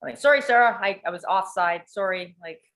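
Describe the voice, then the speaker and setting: Woman, low-ish bright forceful voice, candid animated storyteller, swears. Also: a little fast. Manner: animated, swears freely, acts out quotes. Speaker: coaching client sharing a story.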